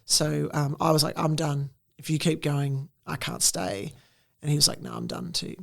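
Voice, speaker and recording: A woman in her forties with an Australian accent, telling stories in a casual interview, animated and full of acted-out quotes. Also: deep voice, moderate pace, gravelly. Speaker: interview guest, entrepreneur.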